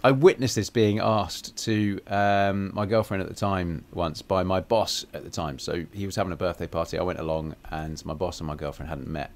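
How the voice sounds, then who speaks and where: A man's voice: sits low, fairly even intonation, normal speed, few pauses. A man hosting a podcast in casual, chatty talk, self-deprecating and full of ums and restarts. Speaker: podcast host.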